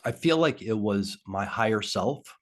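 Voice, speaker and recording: A man with a very deep voice tells his own story as a guest on a video call. His speech is halting and full of pauses and fillers. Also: expressive. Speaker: interview guest.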